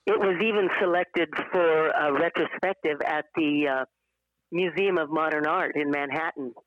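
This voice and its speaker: Older actress laughing through remote chat. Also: female voice, sits low, no room sound, lo-fi sound. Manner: chatty, laughs often, trailing restarts. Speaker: actress guest. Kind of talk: casual interview conversation.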